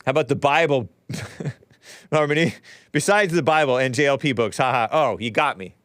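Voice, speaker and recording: A man hosts a casual live-stream show, working through viewer messages in a loose, joking manner. His voice sits at an ordinary middle pitch. The sound is dry and close, with little room around it. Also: moderate pace, a bit bright, no echo. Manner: wry, chuckling, offhand asides. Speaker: talk show host.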